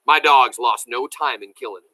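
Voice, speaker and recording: A man reading a novel aloud as a teacher, animated and enthusiastic, stopping to explain words to his listeners. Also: medium pitch, moderate pace, no room sound, low-quality recording.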